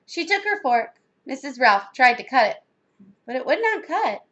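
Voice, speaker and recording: A woman reads a children's storybook aloud with expressive delivery. Her voice sits high and moves in a lively, animated way. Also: normal speed, dull audio. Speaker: reader.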